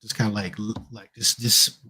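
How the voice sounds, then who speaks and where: Laid-back joking dad, casual chat. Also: male voice, on the low side, little pitch movement, moderate pace, bright, forceful tone. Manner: laid-back, joking, loose Southern-style speech. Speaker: podcast co-host.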